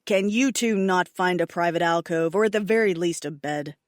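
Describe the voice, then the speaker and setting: A woman's voice: fairly low pitch, moderate pace, no room sound, clean studio sound, natural voice. A woman voicing an exasperated young male dragon, the eldest son, barking at his parents in an audiobook.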